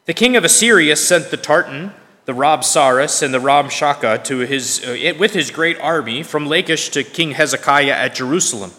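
Man, scripture reading, slightly high pitch, measured emphatic delivery, long hall reverb. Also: pushed and bright. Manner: measured, emphatic reading with occasional self-corrections. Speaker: scripture reader.

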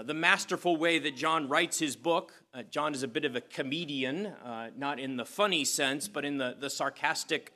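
A man giving a sermon as a pastor, moving from scripture reading and prayer into a conversational talk full of "uh" fillers. His voice sits a little high and rings bright and forceful.

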